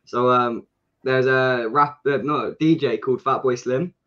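A man's voice: medium pitch, steady tone, a little slow, fairly bright tone. Young Kent English man, podcast guest, rambling and filler-heavy, muffled lo-fi line. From England, Kent. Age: young adult. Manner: explains at length with many fillers and restarts. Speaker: guest, junior supersport racer. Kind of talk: casual podcast chat.

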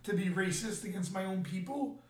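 A woman's voice: medium pitch, brisk. A woman hosting a casual chat, teasing her guest with jokes. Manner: teasing, jokey. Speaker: host. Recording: echoey room with loud crowd.

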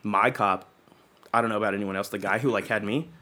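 A young man with a somewhat low voice tells a rambling story in casual chat. His talk is slangy and heavy on swearing. He keeps slipping into the voices of the people he quotes. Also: fairly even intonation, fast talker, bright, forceful tone. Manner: profane, slangy, acts out quoted dialogue.

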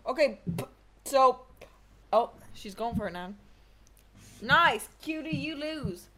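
High-voiced teasing woman streamer. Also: takes it slowly. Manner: teasing, animated, loud outbursts. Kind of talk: casual group chat on stream. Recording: noisy background.

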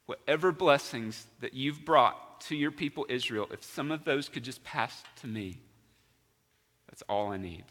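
A man's voice: mid-range voice, unhurried, fairly bright tone, big-room sound. A male pastor preaching a sermon in a church, emphatic and asking his congregation questions. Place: church sanctuary.

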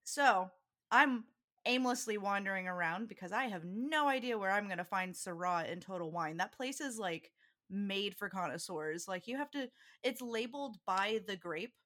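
A young woman co-hosting a podcast in casual chat, an animated storyteller who laughs often. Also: mid-range voice, moderate pace. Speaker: podcast co-host.

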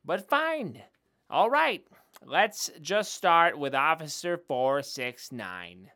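Whiny petulant man, slow drawl. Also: on the high side, very animated. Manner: whiny, petulant, swings to loud outbursts. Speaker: junior police officer in a sketch. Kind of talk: comedy sketch acting.

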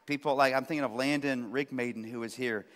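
A man, preaching a sermon as pastor, passionate, with swings from loud emphasis to quiet asides. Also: steady tone, brisk. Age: 40s. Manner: impassioned preaching, rising to loud emphasis then dropping low. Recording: long hall reverb.

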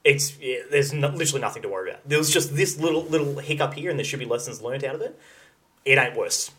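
A man's voice: mid-range voice, fast, a bit bright, rough recording. A man co-hosting a casual podcast chat, pushing back with frequent restarts. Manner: argumentative, restarts often. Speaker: podcast co-host.

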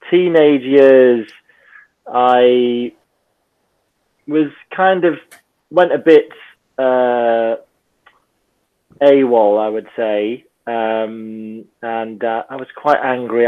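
A man speaking as a podcast guest, thoughtful and hedging, often saying "kind of" and "you know". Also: medium pitch. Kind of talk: reflective conversation. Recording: phone-like remote line.

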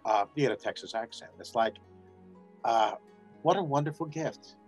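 A man's voice: medium pitch, moderate pace, slightly rough, soft background music. A man, a voice actor guest on an interview, telling stories casually and acting out what people said. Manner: animated storyteller acting out quotes.

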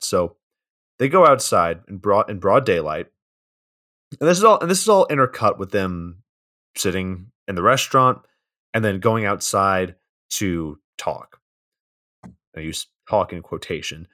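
A man with a fairly low voice talks through a movie's plot in a relaxed podcast chat. He keeps it loose and profane, tossing in casual asides as he goes. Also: measured pace, long pauses. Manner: laid-back plot recap, swears often. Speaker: podcast co-host.

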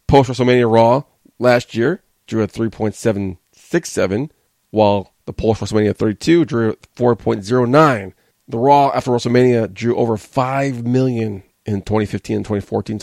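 A man's voice: on the low side, vocal fry, darkish tone, no echo, studio quality. A man hosting a wrestling podcast, giving a blunt, sarcastic, casual review and swearing freely.

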